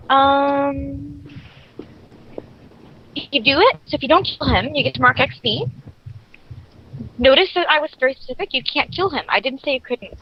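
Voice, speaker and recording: A woman with a high voice plays a tabletop game. She speaks firmly and precisely about the rules, and her voice comes through a dull, lo-fi voice-chat line. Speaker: player.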